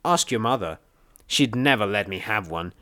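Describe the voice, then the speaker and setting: A man voicing a calm, dry-humored male pony companion. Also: lowish voice, moderate pace, no room sound.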